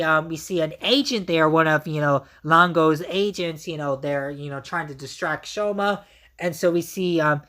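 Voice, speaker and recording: A woman's voice: sits low, a bit bright. A woman recapping a TV episode in a casual, rambling way, full of fillers and restarts. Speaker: reviewer.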